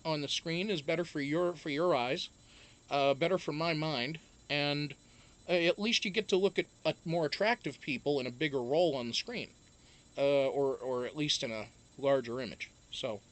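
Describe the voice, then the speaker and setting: A man's voice: on the high side, moderate pace, a bit bright. A man hosting a live-stream show, chatting casually, rambling and swearing as he greets viewers by name.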